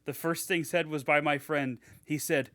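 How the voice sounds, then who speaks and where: Sarcastic podcast host with a bright voice. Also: male voice, on the high side, fairly even intonation, moderate pace, no room sound, studio quality. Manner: sarcastic, reads reviews aloud mockingly. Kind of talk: casual podcast chat.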